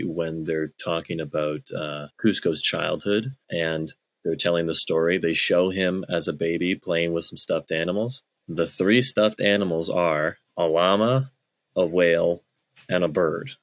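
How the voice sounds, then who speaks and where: A man's voice: deep voice, dry recording. A man co-hosting a podcast, explaining film details point by point in casual chat. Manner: explanatory, lays out points in order. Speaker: podcast co-host. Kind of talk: casual movie review chat.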